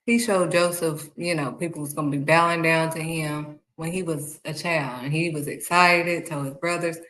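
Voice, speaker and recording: A woman giving a casual, animated faith talk, speaking straight to her viewers. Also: low voice, echoey room, low-quality recording. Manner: animated, acts out excited voices and exclamations; talks straight to viewers, calling them honey. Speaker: faith vlogger.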